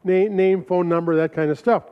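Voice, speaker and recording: A middle-aged man telling animated personal stories to an audience, acting out quoted voices and laughing often. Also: high voice, moderate pace, smooth. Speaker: speaker presenting his family records manual. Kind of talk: storytelling talk to an audience. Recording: dull lo-fi recording.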